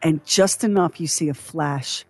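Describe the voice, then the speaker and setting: A woman co-hosting a chatty podcast, telling stories with animated energy and laughing easily. Her voice sits a little low for a woman and comes through a close mic in a dead, dry room. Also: a little slow, no room sound, faint music behind. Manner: chatty, animated storyteller who laughs often. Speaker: podcast co-host. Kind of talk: casual chat.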